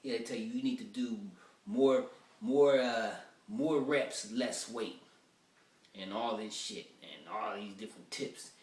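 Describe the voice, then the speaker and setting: A man working through rough stand-up material in a loose, rambling way, acting out the people he talks about. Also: lowish voice, measured pace, darkish tone, reverberant, far from the mic. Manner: loose, rambling, acts out quoted voices. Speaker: stand-up comedian. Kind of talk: rough-draft stand-up rehearsal.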